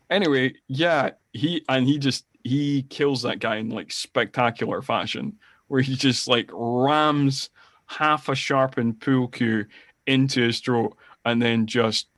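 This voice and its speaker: Male podcast co-host, medium pitch, dry close sound, rambling animated retelling of film scenes. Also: dry recording. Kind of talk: casual film-review chat.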